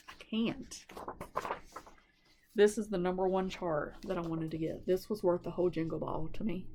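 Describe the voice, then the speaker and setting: Gushing, chatty woman, low voice. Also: mellow, slight background noise. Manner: chatty and gushing, repeats words for emphasis. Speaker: cross-stitch vlogger. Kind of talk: casual chat to camera.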